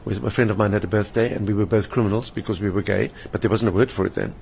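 An older stage performer with a South African accent speaks in a fairly low, gravelly, slightly mellow voice, racing through fairly even intonation. As an interview guest in a hotel lounge, he tells personal stories vividly and acts out quoted voices. Slight background noise is audible.

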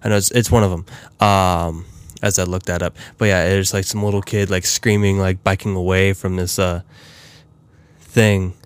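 A man's voice: low-pitched, level tone, moderate pace, clear, resonant tone, no echo. A man hosting a casual solo hockey talk, rambling with many fillers and restarts. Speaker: hockey podcast host.

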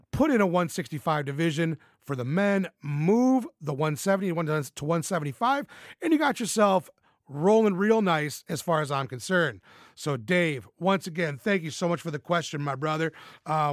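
Casual male podcast host, slightly high voice, cursing freely, dry close sound. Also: no echo. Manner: profane, blunt, enthusiastic.

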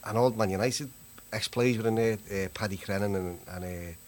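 Guy rattling off a pub story, low voice, quick and rambling. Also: a little mellow. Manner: rambling, laughing, British slang. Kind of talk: casual storytelling.

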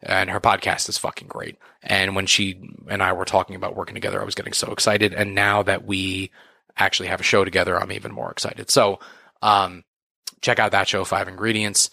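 A low-pitched man with a gravelly edge rants through his podcast, swearing freely and tripping over fillers as he vents. His tone stays bright and forceful, recorded dry and close. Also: little pitch movement, brisk, dry recording. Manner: profane, exasperated, filler-heavy. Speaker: podcast host. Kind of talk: casual ranting monologue.

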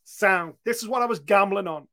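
High-voiced British man, animated podcast chat. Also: moderate pace. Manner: animated, swears freely, acts out quotes. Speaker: podcast co-host.

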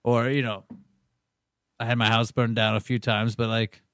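A man's voice: mid-range voice, little pitch movement, moderate pace, fairly bright tone, no echo, close to an everyday voice. A man improvising as a vain, defensive famous architect, talking casually like a regular guy in a comedy interview. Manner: casual, defensive, bro-ish. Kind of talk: improv comedy role-play.

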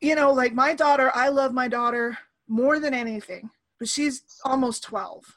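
Bright, high-voiced woman chatting animatedly. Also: moderate pace. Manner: animated, acts out quoted voices. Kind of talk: casual conversation. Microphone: remote call.

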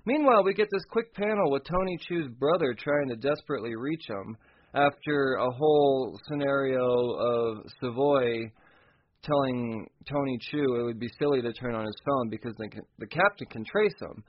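A man talks through a comic book chapter in a loose, profane way, laughing at bits as he goes. His voice sits at an ordinary middle pitch. The recording sounds dull and lo-fi. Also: normal speed. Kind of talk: casual recap chat.

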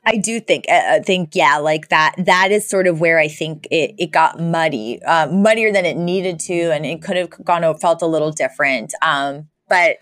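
A woman's voice: low voice, normal speed, few pauses, fairly bright tone, no room sound, clean studio sound. A woman co-hosting a podcast, casually recapping a TV episode and laughing often as she retells scenes. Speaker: podcast co-host.

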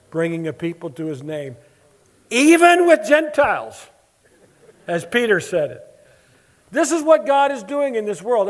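High-voiced male preacher telling stories. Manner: animated storyteller, acts out quoted voices. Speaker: preacher and Bible teacher. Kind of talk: sermon with storytelling.

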